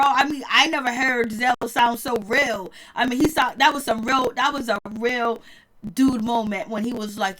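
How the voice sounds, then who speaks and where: Chatty gossiping woman, high voice. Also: steady tone, moderate pace, fairly bright tone. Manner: chatty, gossipy, laughs often, greets viewers. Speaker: reality TV recap vlogger. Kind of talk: casual chat.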